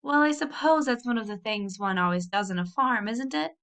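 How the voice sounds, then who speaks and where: Brief: woman voicing a fussy, prissy girl cousin, high whiny pitch, storybook reading. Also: expressive, brisk, fairly bright tone, smooth. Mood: prim. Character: prim fussy city girl cousin, easily upset.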